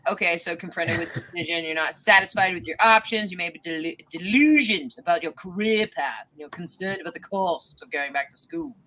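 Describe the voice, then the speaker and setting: Bright-voiced woman hosting a livestream. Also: lowish voice, animated, a little hiss or hum, poor audio. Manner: reads aloud haltingly, laughs often. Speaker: host. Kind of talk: casual livestream chat.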